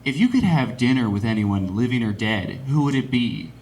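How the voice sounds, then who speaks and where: A man's voice: medium pitch, lively intonation, moderate pace, darkish tone, a little hiss or hum, pitched below the performer's own voice, close to an everyday voice, rough recording. A man voicing a critical middle-aged father who talks down to his daughter. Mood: condescending.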